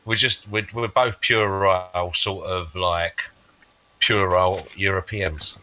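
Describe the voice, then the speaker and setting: A man chats casually on a podcast among friends. His voice sits low but sounds bright and forward. He meanders through his points with plenty of fillers. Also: steady tone, slow pace, poor audio. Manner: loose, meandering, filler-heavy. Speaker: podcast co-host and player.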